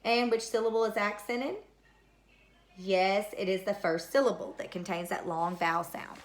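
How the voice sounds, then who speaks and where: In a recorded third grade classroom lesson on word study, a woman with a medium-pitched, steady voice teaches slowly and patiently. She speaks deliberately and repeats each word so the children can spell it.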